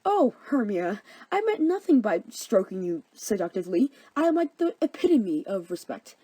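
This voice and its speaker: A woman's voice: medium pitch, big pitch swings, normal speed, mellow, slightly rough, no room sound. A woman voicing Lysander, a brash, fickle young man who talks smugly. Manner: brash, smug.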